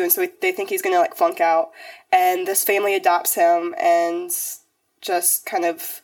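A woman's voice: medium pitch, very animated, a little slow, gravelly, a little mellow, dry recording, distant mic. A young woman co-hosting a podcast, chatting casually and rambling with lots of fillers. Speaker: podcast co-host. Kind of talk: casual chat.

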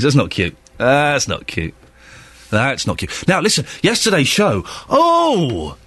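A man's voice: high voice, a bit bright, no room sound. A man in his thirties with a London accent, presenting a casual morning radio show with wry, self-mocking chat. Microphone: studio microphone.

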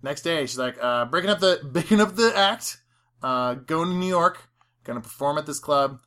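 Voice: medium pitch, animated, moderate pace, a bit bright. A podcast co-host in a casual film discussion, chatting and recounting the plot with quoted lines.

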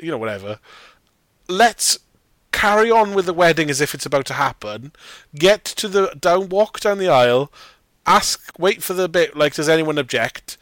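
A man's voice: mid-range voice, a bit bright, dry recording. A young man chatting casually about a film, sweary and sarcastic, often laughing. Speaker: podcast co-host.

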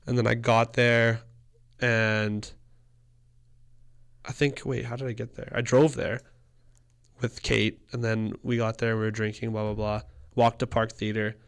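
A man's voice: mid-range voice, little pitch movement, a little slow, long pauses, clear, resonant tone. Casual rambling young man. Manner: rambling storyteller, laughs often, swears. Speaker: podcast co-host. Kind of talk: casual chat.

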